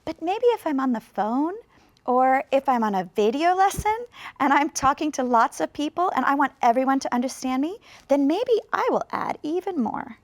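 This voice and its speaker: A woman teaching English pronunciation in a video lesson, speaking slowly and clearly with deliberate pauses to demonstrate. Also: high voice, lively intonation, no room sound.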